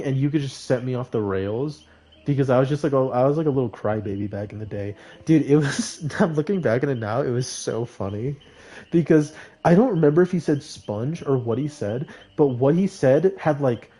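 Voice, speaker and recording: Young guy rambling through a funny story, mellow warm tone, keeps laughing and squeaking up high. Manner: animated, laughing, with high squeaky acted outbursts. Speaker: streamer. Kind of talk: casual storytelling.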